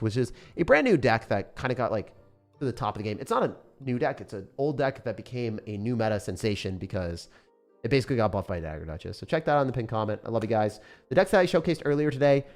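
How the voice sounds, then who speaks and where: Young guy chatting over his gameplay, rambly and hyped, voice bouncing up and down, quiet music underneath. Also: medium pitch. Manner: excitable, rambling, swears casually, loud outbursts. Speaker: gaming YouTuber. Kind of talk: casual gameplay commentary.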